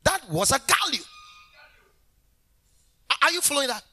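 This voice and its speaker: A man minister preaching a sermon in an animated way, bursting into shouts and talking directly to the congregation. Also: extremely high pitch, moderate pace.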